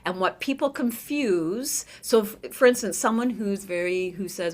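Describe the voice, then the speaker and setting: A middle-aged woman, a vocal coach, talking in a conversational podcast interview, animated and often checking in with "right?". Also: mid-range voice, measured pace, few pauses. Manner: animated, demonstrates voices, frequent "right?".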